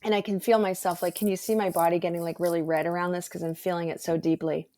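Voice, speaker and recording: A woman, guest and energy healer, telling a personal story in an animated, earnest way on a video call. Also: fairly low pitch, fast. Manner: animated, earnest, rambling with fillers. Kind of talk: casual storytelling conversation.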